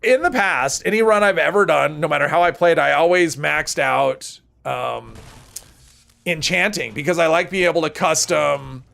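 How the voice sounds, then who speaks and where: Rambling gravelly-voiced man streaming a game. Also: a little high, moderate pace, sharp tone. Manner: rambling, chats with viewers while playing. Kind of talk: casual gameplay commentary.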